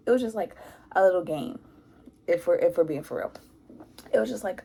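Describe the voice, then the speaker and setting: A young woman telling a casual storytime about her school days, animated and acting out what people said. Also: mid-range voice, moderate pace, long pauses, husky. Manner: animated, acts out quotes with lots of "like". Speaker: vlogger.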